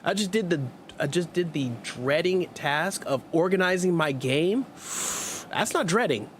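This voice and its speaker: A man's voice: a little high, lively intonation, unhurried, a little hiss or hum. A man streaming gameplay, chatting casually and joking with his viewers as he reads their messages aloud. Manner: playful, jokey, sarcastic asides. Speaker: let's play streamer. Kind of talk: casual gameplay commentary with chat.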